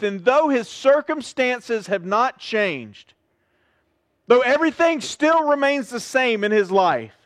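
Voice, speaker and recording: High-voiced pastor preaching conversationally. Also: male voice, dry recording. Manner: conversational, asks the congregation questions. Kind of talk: sermon. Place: church service.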